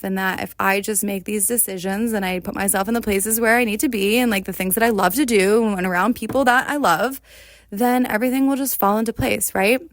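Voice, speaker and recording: A woman's voice: medium pitch, no room sound, studio quality. A woman hosting a solo podcast, talking in an earnest, confessional way and often checking in with "right?". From United States. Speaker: podcast host. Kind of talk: reflective solo podcast talk.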